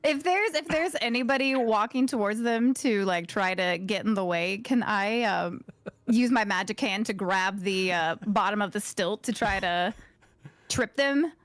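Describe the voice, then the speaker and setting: A woman's voice: mid-range voice, measured pace, no echo. A woman playing a tabletop game, asking casual questions with fillers. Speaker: player.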